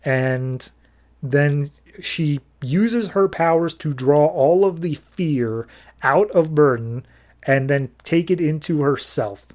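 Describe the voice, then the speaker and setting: A man hosting a podcast, recapping a comic issue in a loose, offhand way and tossing in quick quoted lines from the characters. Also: on the high side, darkish tone. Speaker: podcast host reviewing comics.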